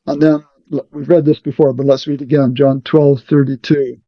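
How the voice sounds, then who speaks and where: A man leading a scripture study, explaining verses deliberately and checking in with "okay" often. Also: medium pitch, little pitch movement, no room sound. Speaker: Bible study leader. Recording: muffled, dry sound.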